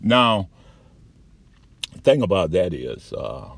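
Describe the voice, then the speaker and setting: Low, husky man venting angrily. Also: big pitch swings, slow pace. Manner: profane, heated, rambling complaint. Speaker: patient telling his story. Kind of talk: angry personal account.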